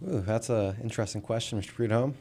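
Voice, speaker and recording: A man's voice: on the low side, fast talker, warm tone. A man co-hosting a casual political podcast, laid-back and teasing in a dry way. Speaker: podcast co-host.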